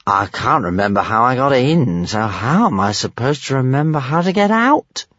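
A man's voice: mid-range voice, big pitch swings, moderate pace, fairly bright tone, breathy edge, no echo, voice pushed up. A man voicing a confused female dragon who asks bewildered, plaintive questions, in a slightly muffled dry recording.

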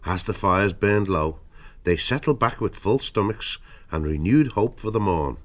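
Deep-voiced male narrator for an audiobook; steady, measured storytelling, lo-fi sound. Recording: dull lo-fi audio.

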